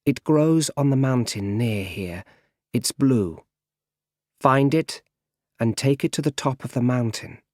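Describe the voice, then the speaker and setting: A man voicing a stern, commanding male mentor in a firm, measured way for an audiobook. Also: mid-range voice, lively intonation, a little mellow, no echo, clean studio sound. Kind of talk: audiobook character reading.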